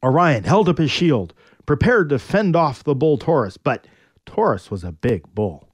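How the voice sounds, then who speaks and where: A man narrating a myth in a playful, very animated storytelling manner. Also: a little high, normal speed, husky, no echo.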